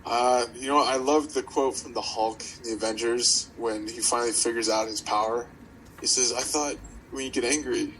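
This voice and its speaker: A man's voice: mid-range voice, fairly even intonation, moderate pace, a bit bright, a little hiss or hum, rough recording. A man, a priest co-hosting a casual podcast, who talks in an easygoing, reflective way and thinks aloud with lots of fillers. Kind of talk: casual chat. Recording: music clearly playing behind.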